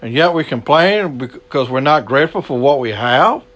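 A man's voice: mid-range voice, lively intonation, normal speed, fairly bright tone. A man preaching a sermon, earnest and repetitive, stretching words for emphasis.

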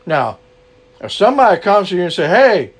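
A man's voice: high-pitched, big pitch swings, normal speed, breathy edge. A man preaching an earnest sermon to an online gathering, repeating his key lines and closing in prayer.

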